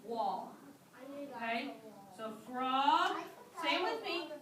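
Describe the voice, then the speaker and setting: A woman teacher leading a classroom rhyming lesson, speaking slowly and clearly with encouraging prompts. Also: high voice, animated, a crowd in the background. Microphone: camera in the room. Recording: roomy classroom sound from a distance with background noise.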